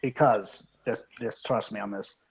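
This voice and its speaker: A man's voice: fairly low pitch, steady tone, a little slow, vocal fry, very noisy. Casual man playing a tabletop game. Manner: casual, swears, plays his character in first person. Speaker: player.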